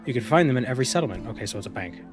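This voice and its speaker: A man's voice: medium pitch, animated, very fast, music in the background. A man streaming a video game, giving casual, rambling commentary and thinking aloud with amusement.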